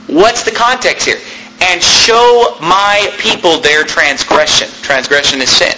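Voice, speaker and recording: A man preaching a sermon as the pastor, raising his voice and shouting as he preaches. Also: high voice, unhurried, roomy sound, a little hiss or hum, low-quality recording.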